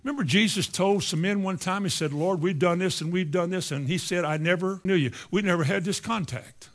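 A man preaching a sermon, moving between quiet asides and loud, emphatic lines. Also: sits high, fairly quick.

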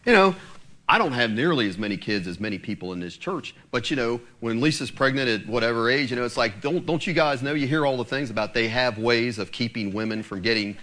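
A man preaching a sermon to his congregation, emphatic and animated, speaking to them directly. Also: mid-range voice, a little fast. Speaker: pastor.

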